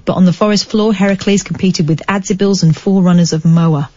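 A woman's voice: fairly low pitch, steady tone, a little fast, mellow, muffled recording. A woman hosting late-night talk radio, reading news with chatty, wry asides and mock-dramatic emphasis. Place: radio studio. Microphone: studio microphone.

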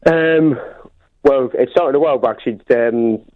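A man's voice: medium pitch, measured pace, dry recording. A man calling into a radio show, telling a story hesitantly with dry humour. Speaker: caller. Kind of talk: phone-in chat. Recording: dull phone line.

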